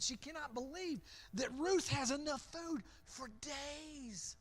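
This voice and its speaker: A man's voice: extremely high pitch, takes it slowly, a bit bright. A man, a pastor, giving an evening Bible lesson as an imaginative story, often repeating words as he goes. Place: church.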